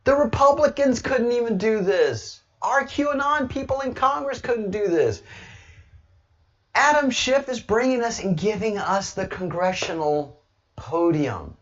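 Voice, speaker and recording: A man talking casually on his livestream, rambling and now and then breaking into loud, excited bursts. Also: high-pitched, unhurried, muffled recording. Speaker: livestreamer, political commentator.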